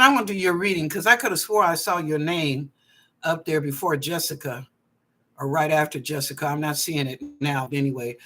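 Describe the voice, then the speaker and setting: Woman psychic host, live online readings from her apartment; bright tone, chatty and animated, drawls phrases for effect. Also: low voice, fairly quick. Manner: animated and playful, drawing out phrases, chatty asides. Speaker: psychic reader and show host. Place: apartment at home.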